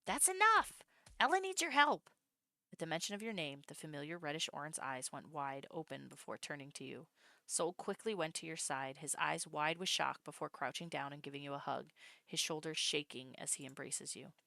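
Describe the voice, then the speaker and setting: A woman streamer reading a story game aloud, breaking off into excitable, swearing reactions. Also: low-pitched, a little fast, vocal fry, no room sound.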